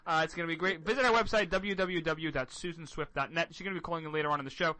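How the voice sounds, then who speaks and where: A man's voice: a little high, very fast, sharp tone, no room sound. A man in his twenties hosting a talk radio show, joking and teasing in casual banter. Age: 20s.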